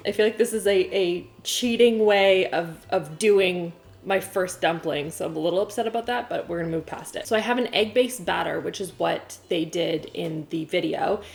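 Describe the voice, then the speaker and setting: Hardly pausing, a pregnant young woman with a lowish, creaky voice chats to camera at a moderate pace while cooking in her home kitchen. As a cooking vlogger, she pokes fun at herself and talks to herself with the camera set on a stand.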